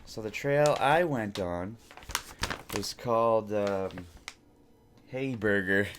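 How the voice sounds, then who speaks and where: A man with a fairly low voice tells a loose, rambling story on his podcast. He swears freely and circles back over his own words as he talks from home. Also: slow pace, noisy background. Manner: profane, rambling, repeats himself. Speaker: podcast host. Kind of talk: casual storytelling monologue.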